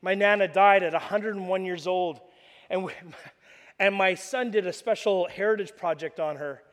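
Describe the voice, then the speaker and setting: High-voiced preacher in a reverberant hall. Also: male voice, moderate pace. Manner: animated storytelling, acts out voices. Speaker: pastor. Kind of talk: sermon. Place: church hall. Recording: long reverb of a large hall.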